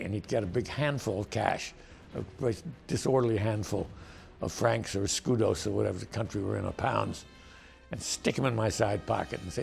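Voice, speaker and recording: A man's voice: on the low side, a little fast, gravelly, darkish tone, soft background music. An older man, a screenwriter, telling amused, wry anecdotes in a documentary interview.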